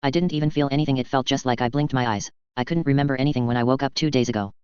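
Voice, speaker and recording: A man voicing a young woman brought back to life, flat and questioning, read in his own plain voice. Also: medium pitch, rapid-fire, clean tone, no echo, lightly acted. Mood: uneasy. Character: revived young woman, blank and uneasy. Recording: dull, dry lo-fi sound.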